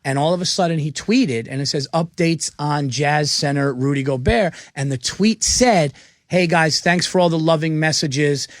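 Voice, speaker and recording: A man, a comedian guest on a radio show, telling a story with lots of laughter and excitement. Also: a little high, moderate pace, no echo, studio quality. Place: radio studio. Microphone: studio microphone.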